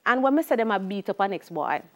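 A middle-aged Jamaican woman teaching a sociology exam-prep lecture. She talks in a lively way and slips into patois when she tells stories. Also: mid-range voice, fast. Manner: lively, shifts into patois for anecdotes.

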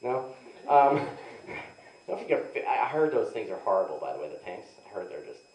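A man's voice: fairly low pitch, sing-song, normal speed, darkish tone. Young adult male stand-up comic, loose self-mocking delivery, roomy live sound. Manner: rambling, self-mocking, heavy use of "like". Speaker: stand-up comedian. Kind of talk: stand-up comedy storytelling. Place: live comedy venue. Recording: echoey room, mic heard from a distance.

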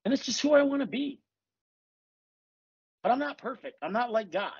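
A man's voice: very high voice, animated, moderate pace, slightly rough, no echo, dull audio. A man hosting a podcast, talking casually and bluntly with lots of swearing, as a life coach. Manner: blunt, profane, confessional. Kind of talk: casual chat.

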